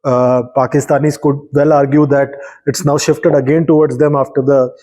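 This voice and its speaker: Measured male interviewer, mellow voice. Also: medium pitch, level tone, poor audio. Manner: measured, hesitant with fillers. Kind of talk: conversational interview.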